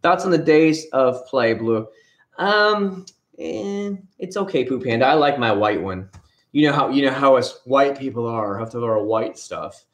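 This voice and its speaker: A man's voice: medium pitch, lively intonation, unhurried. Chatty man rambling on a livestream. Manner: rambling, chatty, answers viewers by name. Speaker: livestream host. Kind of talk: casual livestream chat reading comments. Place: home. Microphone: headset.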